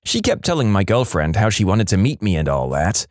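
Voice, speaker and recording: A man's voice: lowish voice, big pitch swings, brisk, dry recording. Male story narrator, swooping delivery, dead-dry booth. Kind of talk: reading reddit stories aloud.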